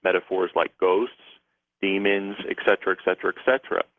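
Low-voiced male radio guest calling in by phone, measured, lecturing delivery, dry and tinny. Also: steady tone, no echo. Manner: measured, lecturing, lists ideas. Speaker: psychic and author, radio guest. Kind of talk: explanatory talk on a call-in radio show.

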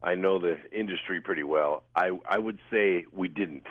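A male radio guest calmly explaining things over the phone. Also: low-pitched, moderate pace, no echo. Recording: tinny phone line.

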